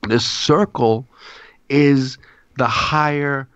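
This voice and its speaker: A man's voice: medium pitch, fairly even intonation, extremely slow, a bit bright, clear, resonant tone, no room sound, dull audio. A man, a podcast guest, explaining symbolism in a lecturing way, often checking in with his listeners.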